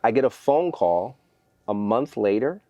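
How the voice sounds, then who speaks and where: A man telling lively stories as a guest in a podcast interview, acting out what others said. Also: medium pitch, unhurried, dry recording, muffled recording. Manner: energetic, animated storyteller acting out quotes. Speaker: guest, fitness trainer.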